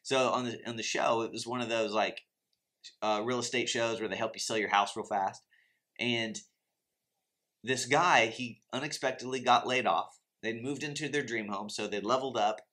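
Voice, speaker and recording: A man's voice: mid-range voice, normal speed, bright, forceful tone. A man teaching about faith and money in a conversational, impassioned preaching style, full of asides to his viewers. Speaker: Christian finance teacher. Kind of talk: preachy teaching talk to camera.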